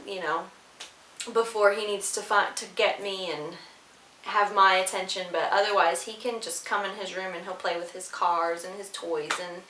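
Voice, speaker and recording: A woman's voice: medium pitch, fairly bright tone. A young woman, a mother vlogging to camera, chatting casually and rambling with fillers, tired from lack of sleep. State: sleep-deprived. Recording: echoey room with faint hiss.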